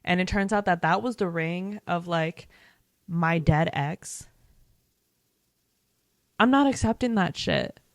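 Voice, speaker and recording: A woman's voice: lowish voice, takes it slowly, long pauses, dry recording, clean studio sound. A young woman vlogger chatting casually about a TV series, emphatic and full of "like" and swearing. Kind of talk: casual reaction chat.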